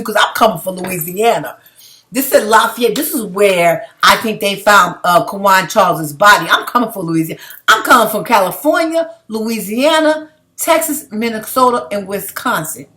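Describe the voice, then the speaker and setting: A woman's voice: medium pitch, lively intonation, normal speed, sharp tone. An outspoken woman giving casual, emphatic commentary as she reads out viewer comments, laughing between points. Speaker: livestream commentator.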